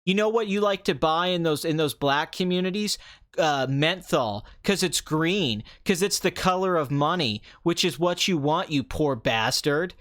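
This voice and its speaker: Host type, young man, sarcastic ranter, a bit high-pitched, casual commentary. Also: moderate pace, few pauses. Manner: sarcastic, ranting, animated with mocking asides. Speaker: movie review podcast host.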